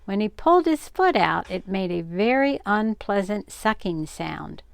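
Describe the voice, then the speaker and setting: An older woman reading a children's story aloud, gentle and expressive. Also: mid-range voice, a little slow, vocal fry, clear, resonant tone, no room sound.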